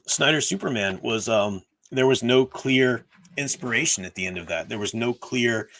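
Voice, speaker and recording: A man's voice: medium pitch, lively intonation, unhurried, vocal fry, a bit bright. A man hosting a casual livestream, answering viewer questions in an earnest, explanatory way. His voice sounds tired and strained. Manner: earnest, explanatory, thinks aloud. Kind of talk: casual livestream commentary on faith and fiction.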